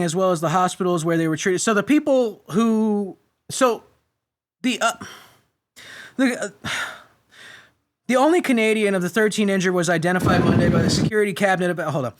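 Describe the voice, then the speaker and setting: A man's voice: sits high, fairly even intonation, fairly quick. A man from the United States hosting a podcast, reading news articles aloud and adding sarcastic, profane comic commentary, often stumbling over names. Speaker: podcast host.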